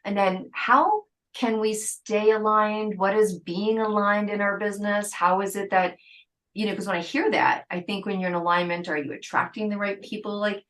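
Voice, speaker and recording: A woman in her fifties hosting a podcast, talking in a chatty, animated way and stretching some phrases out. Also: mid-range voice, moderate pace, rough recording. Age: 50s. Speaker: podcast host. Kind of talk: casual interview chat.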